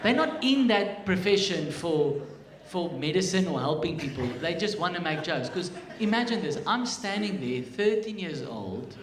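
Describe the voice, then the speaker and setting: Animated South African stand-up comedian. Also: male voice, sits high, moderate pace, crowd noise. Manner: animated storytelling with jumps in volume. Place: theatre stage, live audience. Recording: live theatre recording with hiss.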